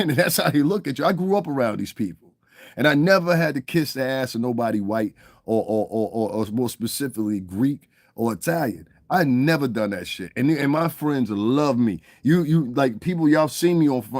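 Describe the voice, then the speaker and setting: A man's voice: medium pitch, expressive, brisk, dry recording, clean studio sound. A man delivering a casual, profane monologue rant to his viewers, often asking "you understand what I'm saying" and chuckling between points. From United States. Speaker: commentary vlogger.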